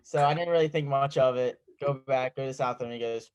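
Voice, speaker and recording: A man's voice: medium pitch, fairly quick, a little mellow. Teenage boy telling a laid-back story. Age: teens. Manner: laid-back, acts out quotes in his anecdotes. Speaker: podcast co-host. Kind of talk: casual podcast storytelling.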